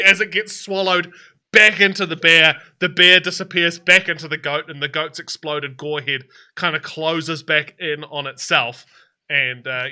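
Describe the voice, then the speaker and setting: A man's voice: a little high, bright, forceful tone. A man narrating as dungeon master in a tabletop game, rambling and hesitant, often laughing through his descriptions.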